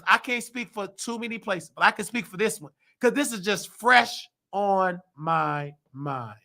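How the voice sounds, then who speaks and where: A man who is losing his voice, hosting his show with heated, indignant commentary and bursts of shouting. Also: high-pitched, normal speed, vocal fry, hardly any pauses. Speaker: nursing aide and show host. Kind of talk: ranting commentary.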